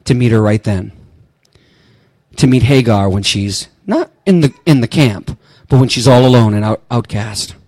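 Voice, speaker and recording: A male pastor delivers a storytelling sermon in a middle-pitched voice. He moves between hushed, low moments and soaring, impassioned lines that near a shout. The recording is close and dry, with no room sound. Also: normal speed, no room sound.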